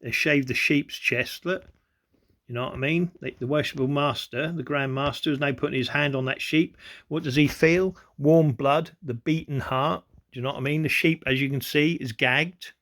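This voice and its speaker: A fairly bright, somewhat high male voice with mostly even intonation, speaking at a normal speed. He hosts a conspiracy video, rambling over clips, repeating himself constantly and pressing the listener to look. He keeps saying "look" and "you know what I mean."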